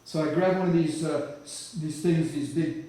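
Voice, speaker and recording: A man's voice: on the high side, moderate pace, dark tone. A man giving a testimony at church, telling his story vividly and animatedly, often restarting phrases. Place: church hall. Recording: echoey church hall from far off.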